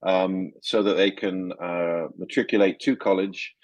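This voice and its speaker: A man being interviewed as a nonprofit chief executive, explaining in a measured way with frequent ums and uhs. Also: low voice, steady tone, no room sound, muffled recording. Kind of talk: interview answers.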